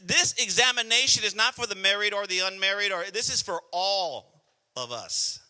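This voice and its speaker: A middle-aged male pastor preaching a sermon, swinging between soft prayer and loud exhortation. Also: high voice, moderate pace. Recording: music playing behind the voice.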